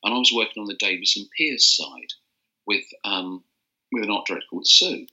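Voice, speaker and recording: A man's voice: lowish voice, a little fast, bright, forceful tone, highs cut off. An older man, a copywriter telling rambling anecdotes with restarts in a casual interview. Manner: rambling storyteller with restarts and chuckles. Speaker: interview guest, advertising copywriter.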